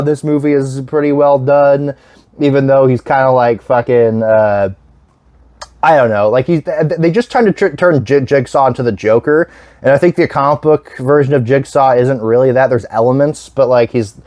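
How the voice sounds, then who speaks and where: A man's voice: mid-range voice, a little mellow, dry recording. A man in his twenties rambling casually through a movie vlog, swearing often and breaking into laughter. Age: 20s. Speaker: YouTube host.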